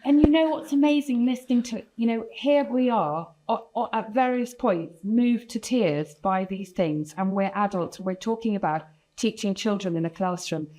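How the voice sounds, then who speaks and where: A woman's voice: medium pitch, normal speed, mellow, poor audio. A woman speaking on a conference panel with passion and emphasis. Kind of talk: panel talk.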